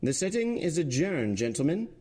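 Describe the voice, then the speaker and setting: A man's voice: on the high side, big pitch swings, normal speed, warm tone, voice pushed up. A man voicing an agitated male court president who fires off insistent questions. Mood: formal.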